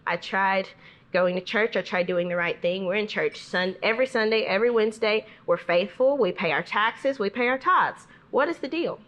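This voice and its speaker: A woman's voice: mid-range voice, normal speed, fairly bright tone, muffled recording. A young adult woman giving a personal testimony at a church fellowship meeting. She tells her story earnestly and casually, acting out what people said along the way. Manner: earnest storytelling, re-enacting others' words in quotes; casual speech with frequent "um" and "I was like". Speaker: testimony speaker.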